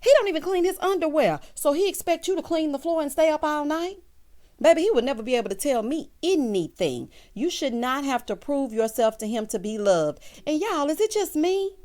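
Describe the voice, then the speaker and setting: Woman, recap host, sassy, animated, casual commentary, sharp pitch swings. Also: fairly quick. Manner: sassy, animated, talks straight to the viewers; big pitch jumps for emphasis.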